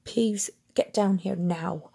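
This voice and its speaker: A woman's voice: medium pitch, takes it slowly, gravelly, slightly rough, full character voice. Stern strict professor, read by a woman. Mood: scolding. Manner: sharp commanding orders.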